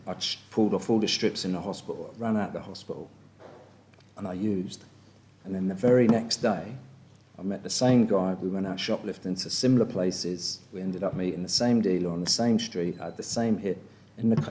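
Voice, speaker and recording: English man, 50s, deep low voice, candid and blunt recovery-meeting share, faint background noise. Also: warm tone. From England. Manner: frank and blunt, with frequent "do you know what I mean". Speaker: speaker sharing at a recovery meeting.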